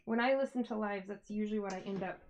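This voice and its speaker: A woman's voice: mid-range voice, fast, slight background noise, poor audio. A woman hosting a casual live stream from home, chatting and greeting viewers by name while she dyes yarn. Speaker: livestream host dyeing yarn.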